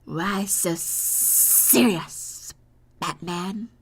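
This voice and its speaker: Woman doing a creepy joker voice, low-ish, super slow, whispery and husky. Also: full character voice. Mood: menacing. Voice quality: breathy whisper. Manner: slow menacing drawl. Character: Joker, menacing male comic-book villain, hissing. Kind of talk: live-stream voice impression.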